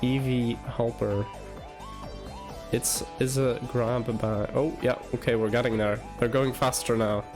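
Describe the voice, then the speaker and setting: Male streamer, twenties, unhurried and halting, stammers and restarts, soft music underneath. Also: medium pitch, steady tone. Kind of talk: casual live-stream commentary.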